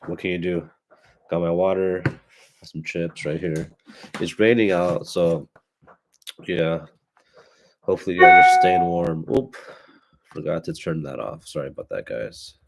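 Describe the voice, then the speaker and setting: A man's voice: low voice, a little slow, vocal fry, long pauses, slight background noise. A young man hosting his own podcast, sounding stuffy from allergies, rambling in casual chat with lots of swearing and fillers. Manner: rambling and profane, with many fillers and restarts. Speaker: podcast host.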